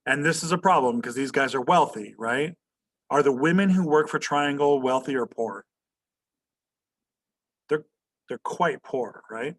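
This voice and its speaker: A man's voice: medium pitch, unhurried, pauses often. Male history teacher leading a video-call class; questioning, checks in with "right?" constantly. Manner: asks students questions, tags "right?" often. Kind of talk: online class lecture.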